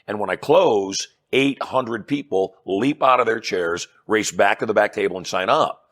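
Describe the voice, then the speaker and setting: A middle-aged man, a hypnotist and persuasion trainer, telling animated stories in an interview and acting out the dialogue. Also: on the low side, normal speed. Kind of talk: storytelling interview chat.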